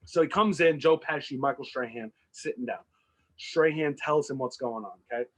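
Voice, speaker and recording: Here a co-host with a medium-pitched voice, speaking at normal speed, casually lays out a made-up movie's plot. He animatedly acts out what the characters say, and the recording is low quality.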